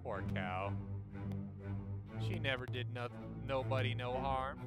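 A man streaming a game, chatting and thinking aloud as he plays, with sudden jumps in pitch when excited. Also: takes it slowly, loud music behind the voice. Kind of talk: casual gameplay commentary.

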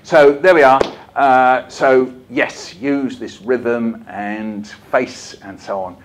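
An older man giving a lively, jokey storytelling talk to a hall of teachers, acting out bits as he goes. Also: medium pitch, slow. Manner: lively, jokey, acts out voices and poems. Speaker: children's author giving a talk. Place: conference hall.

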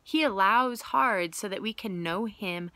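A woman's voice: mid-range voice, unhurried, pushed and bright, no echo. A young woman giving a casual, earnest devotional talk, conversational and full of "like" fillers. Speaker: Bible teacher and vlogger.

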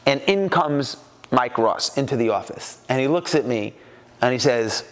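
A man from New York giving an animated storytelling talk at a business mastermind and acting out the voices in his anecdotes. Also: medium pitch, moderate pace, long reverb tail. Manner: animated, acts out quoted voices.

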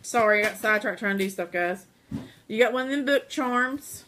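A woman's voice: on the high side, fairly quick, fairly bright tone, slight background noise. A woman with a stuffy nose hosting a casual live-stream sale, chatting to viewers by name while she multitasks.

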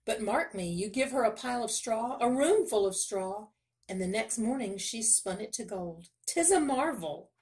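A woman voicing a fat, blustering male miller who talks fast and stumbles nervously as he tells a lie. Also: fairly high pitch, lively intonation, a little mellow, voice pushed up, lightly acted. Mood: nervous wheedling. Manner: eager, fast-talking, flustered.

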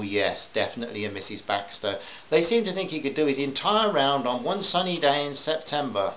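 Male narrator, dry wit, lively intonation, lo-fi recording with faint hiss. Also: mid-range voice, brisk. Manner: dry, wry storytelling. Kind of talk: reading a humorous short story. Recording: dull lo-fi home recording with hiss.

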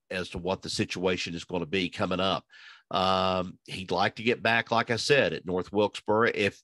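A man's voice: lowish voice, fairly bright tone, no room sound. A man giving casual, rambling racing analysis, full of fillers and restarts as he thinks aloud. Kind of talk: casual podcast chat.

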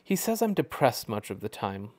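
A man's voice: medium pitch, very animated, moderate pace, a little mellow. A man voicing an unhappy young woman who confides her troubles in short, plain statements. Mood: glum.

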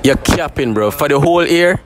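A man's voice: a little high, lively intonation, brisk, over music. A man hosting a street interview outdoors in a city, teasing people with slang and jokes. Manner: joking, teasing, heavy slang.

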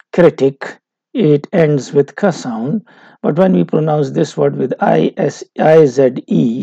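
A male university lecturer with a Pakistani English accent, explaining linguistics slowly with many pauses and fillers. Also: a little high, vocal fry, mellow, breathy edge, no room sound, dull audio. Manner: slow, halting, many fillers.

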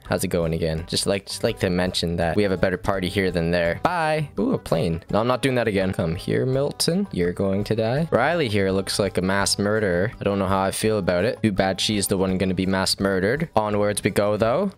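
A man hosting a gaming video, giving excitable, joking commentary with frequent swearing. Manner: excitable, joking, swearing, jumps high when surprised. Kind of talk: gameplay commentary.

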